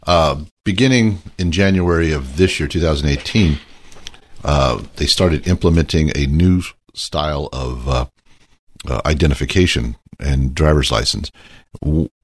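Male radio guest, very low voice, cautious and wry. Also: unhurried. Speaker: guest from a gun rights group. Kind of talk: casual radio talk.

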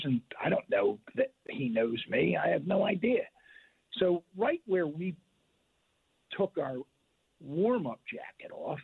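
A man's voice: fairly high pitch, vocal fry, breathy edge. A middle-aged man from Pennsylvania, a longtime basketball referee, telling a story animatedly, with repeated restarts, over a phone line. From Delaware County, Pennsylvania.

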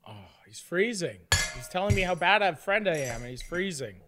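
A man's voice: sits high, expressive, moderate pace. A man hosting a podcast over a remote call, laid-back and teasing with short replies. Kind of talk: casual chat. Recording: noisy clicky call line.

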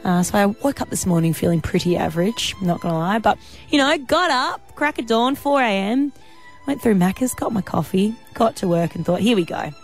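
A woman hosting a radio show from the studio, chatty and bubbly with quick laughs. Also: medium pitch, lively intonation, faint music behind. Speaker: radio host. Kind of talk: casual radio chat. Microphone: studio mic.

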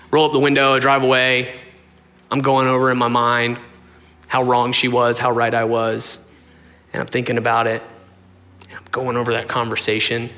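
A man's voice: medium pitch, sharp tone. A man, a pastor, telling a story in a casual, rambling, self-deprecating sermon with plenty of fillers. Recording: long reverb of a large hall.

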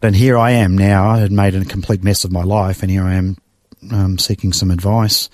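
A man's voice: low-pitched, little pitch movement, moderate pace, no echo, studio quality. A middle-aged man, recounting a personal story in an interview, emotional and reflective, sighing and restarting as he goes. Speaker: guest. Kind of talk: personal testimony in conversation.

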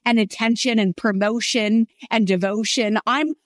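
A woman author with a fairly high voice shares personal stories in an earnest, heartfelt manner. The sound is close and dry, without reverb. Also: steady tone, normal speed. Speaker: author guest. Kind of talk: conversational faith interview.

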